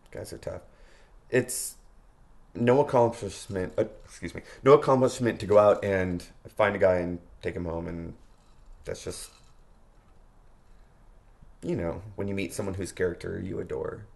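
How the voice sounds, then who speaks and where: A man with a fairly low voice tells a candid personal story in an interview. He talks loosely and chattily, breaks into laughter often, and swears freely. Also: moderate pace, vocal fry, long pauses, darkish tone.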